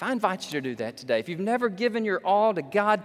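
A fairly high-voiced man with a drawl preaches in a church sanctuary, his voice ringing with long reverb. He shifts between slow, hushed emphasis and sudden loud, high-pitched bursts. The delivery is a pastor's full sermon style. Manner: animated preaching, swings from low and slow to loud high exclamations.

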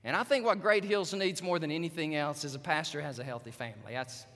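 High, lively preacher in a hall. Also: male voice, fast talker. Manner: animated preaching that swings from quiet asides to loud emphatic peaks. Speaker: pastor. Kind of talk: sermon. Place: church sanctuary. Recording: reverberant church hall.

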